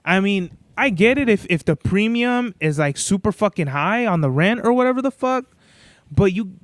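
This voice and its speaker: A high, clear voice with a resonant tone carries this young man's solo podcast monologue at normal speed, with no echo. He rambles through stories in a relaxed way, swearing constantly.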